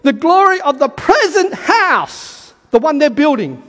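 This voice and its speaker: A man preaching a sermon with fervour, repeating key lines and building to shouts, his voice going hoarse. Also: very high voice, very animated, a little slow, in a large hall.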